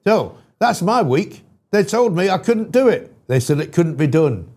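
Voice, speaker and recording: A man's voice: high voice, very animated, moderate pace, darkish tone. A man parodying a triumphant male politician who defiantly boasts about the things he did in his week. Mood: boastful. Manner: defiant, boastful, repeats "they said I couldn't".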